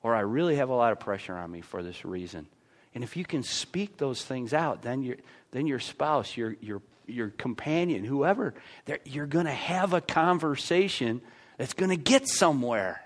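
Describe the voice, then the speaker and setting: A man's voice: mid-range voice, lively intonation, moderate pace. A man pastor with an American accent, preaching a conversational sermon in a church with frequent stammered restarts.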